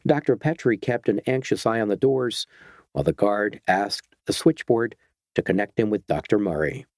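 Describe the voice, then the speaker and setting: A male narrator reading a novel aloud in a steady, dramatic way. His voice sits low. The recording is dry and close, with no room sound. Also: normal speed, no echo. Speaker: audiobook narrator. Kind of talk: audiobook narration.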